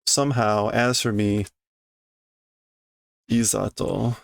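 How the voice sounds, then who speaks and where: A man reading a manga aloud and translating it line by line, hesitant and self-correcting as he thinks out loud. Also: on the low side, fairly even intonation, slow pace, vocal fry, dry recording. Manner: hesitant, self-correcting, muttering through guesses.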